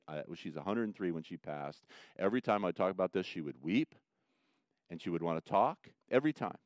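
A middle-aged male pastor giving a conversational sermon, swinging from loud emphatic bursts down to soft, quiet asides. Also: deep voice, clear, resonant tone, no room sound, studio quality.

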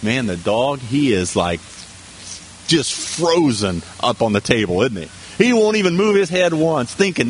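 A man's voice: medium pitch, sing-song, a little slow, slight background noise. A man preaching a sermon in a conversational manner, with asides and rhetorical questions to the congregation. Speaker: pastor.

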